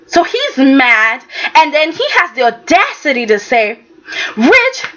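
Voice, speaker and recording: A woman's voice: sits high, big pitch swings, a little slow, fairly bright tone. A woman reviewing a soap opera in a casual, emphatic, exasperated way, often tossing in "okay?". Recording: dull lo-fi sound.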